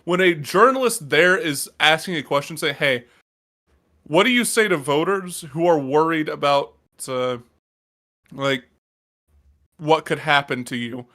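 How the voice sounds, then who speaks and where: Bright-voiced young man, quick fillers. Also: fairly high pitch. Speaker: podcast co-host. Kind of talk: casual chat.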